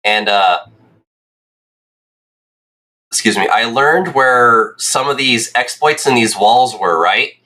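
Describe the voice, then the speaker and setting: A young man streaming a game, telling rambling, excitable stories in casual chat and checking in with "right?". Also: medium pitch, slow pace, long pauses. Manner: excitable, swears.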